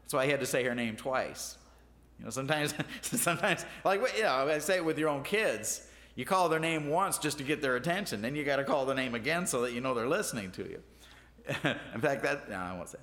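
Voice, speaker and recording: Folksy bright-voiced preacher. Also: male voice, medium pitch, lively intonation, brisk, in a large hall. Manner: folksy, self-deprecating, repeats words as he restarts. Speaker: pastor. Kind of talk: sermon.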